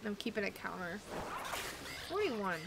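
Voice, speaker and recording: A woman's voice: mid-range voice, sing-song, measured pace, vocal fry, heavy background noise. A woman streamer chatting and rambling casually as she plays a video game. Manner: rambling, chatty, thinking aloud. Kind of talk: casual chat while playing a video game.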